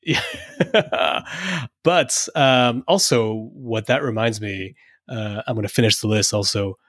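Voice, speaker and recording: A man's voice: mid-range voice, fairly bright tone, dry recording. A French-born man co-hosting a podcast, talking in loose, casual chat and laughing easily between points. His voice sits in an ordinary middle range. The recording is dry and close, with no room sound. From France. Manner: chatty, laughs often, quick asides. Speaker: podcast co-host.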